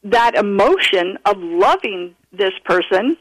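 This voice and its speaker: A man's voice: high voice, slow pace, no room sound, rough recording. Earnest man telling a story by phone. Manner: earnest, animated retelling with frequent restarts. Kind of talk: casual storytelling interview.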